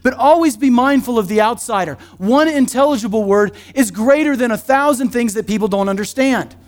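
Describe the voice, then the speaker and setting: A middle-aged man, a pastor, preaching a sermon in a church in a conversational, joking way with quick asides. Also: extremely high pitch. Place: church sanctuary.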